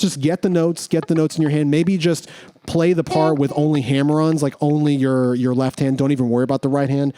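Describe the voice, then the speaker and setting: A man's voice: medium pitch, warm tone, dry recording. A man teaching guitar in a casual way, thinking aloud as he goes and restarting phrases, with guitar playing in the background. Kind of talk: casual instructional explanation.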